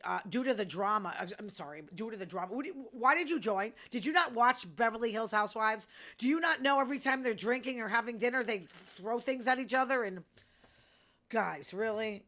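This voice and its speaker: A woman's voice: medium pitch, a bit bright. A middle-aged woman hosting a show, chatting casually and gossiping about reality TV with amused asides. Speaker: podcast host.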